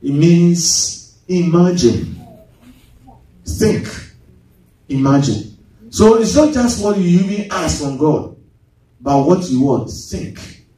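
A man's voice: fairly high pitch, lively intonation, takes it slowly, long pauses, warm tone. Far-off man preaching in an echoey church. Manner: call-and-response preaching, rhetorical questions. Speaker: pastor. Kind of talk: sermon. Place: church sanctuary.

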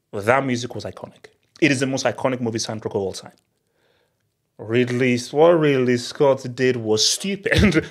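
An excitable young man talks casually to his viewers, using slang and repeating himself when he gets worked up. His voice is husky, at an ordinary middle pitch, and he laughs often as he talks. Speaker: movie vlogger. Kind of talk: casual chat to camera.

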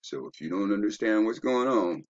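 A man's voice: fairly low pitch, lively intonation, normal speed, no echo, dull audio. A man giving a rambling, profane, preachy commentary while browsing web pages, asking rhetorical questions. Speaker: online commentator.

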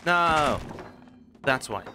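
A man's voice: fairly high pitch, lively intonation, very slow, bright, forceful tone, slight background noise. A man casually commenting on a game as he plays, rambling and chuckling at himself. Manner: rambling, self-mocking, laughs often. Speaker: gaming channel host. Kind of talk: casual let's play commentary.

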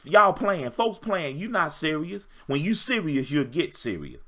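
Animated, preachy man in his fifties. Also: fairly high pitch, unhurried. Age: 50s. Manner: emphatic, repetitive, preachy exhortation. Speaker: relationship coach. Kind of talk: motivational livestream talk.

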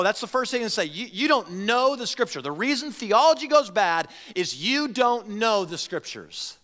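A male pastor preaching with a bright, forceful voice pitched a little high. He speaks in an animated, conversational way and often restarts his phrases. His voice carries a long reverb from the church sanctuary. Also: normal speed, few pauses. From United States. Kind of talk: sermon.

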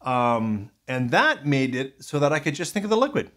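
A man's voice: mid-range voice, sing-song, normal speed, fairly bright tone. A man casually reviewing whiskies in a rambling, thinking-aloud way, full of fillers and restarts.

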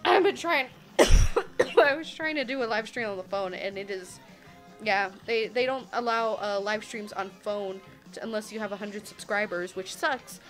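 A woman in her early twenties streaming a game, excitable and a bit tipsy, exclaiming, swearing and laughing as she plays. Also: mid-range voice, a little slow, soft background music. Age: early 20s. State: tipsy from taking shots. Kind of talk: casual gameplay livestream.

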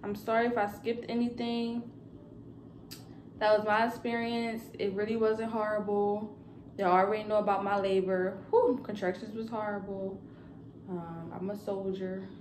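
A woman's voice: mid-range voice, steady tone, moderate pace, a little mellow, reverberant, slight background noise. A young woman vlogging casually to camera about new motherhood, rambling with lots of fillers. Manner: chatty and rambling, with many fillers.

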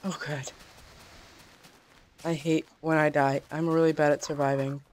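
A woman giving casual gameplay commentary as a let's play gamer, chatty and quick to burst into startled exclamations. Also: sits low, flat delivery, a little mellow.

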